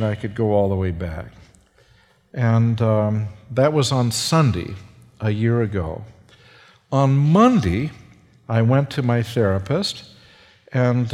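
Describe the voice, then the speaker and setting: A man preaches a personal testimony, talking very slowly and pausing with fillers and restarts. His voice carries a long reverb from a large hall. His pitch sits in an ordinary middle range for a man. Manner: slow and halting, with many fillers and restarts. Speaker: seminary professor and preacher. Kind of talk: sermon testimony with slides.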